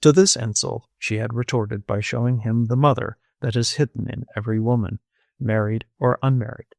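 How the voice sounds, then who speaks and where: A man reads a novel aloud in a measured, even storytelling voice of middling pitch. He sits close to the microphone, and the sound is dry, with no trace of the room. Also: creaky, no room sound. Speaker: audiobook narrator. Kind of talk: scripted narration.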